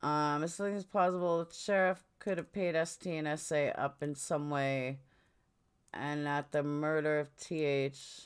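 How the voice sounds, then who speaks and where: A middle-aged New York woman hosts an indoor livestream from home, chatting bluntly and skipping around topics. Her deep voice stays level in tone, smooth and a little slow.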